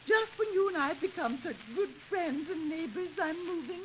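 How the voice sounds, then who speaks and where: An actress playing a fluttery spinster voice teacher in a 1940s radio sitcom, gushing and swooning. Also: female voice, very high voice, expressive, normal speed. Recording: dull old radio broadcast with faint hiss.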